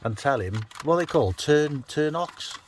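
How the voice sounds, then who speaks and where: A man's voice: fairly high pitch, lively intonation, moderate pace, a little hiss or hum. A man on a building crew, bantering with a workmate in a teasing, jokey way outdoors on site. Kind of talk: casual banter.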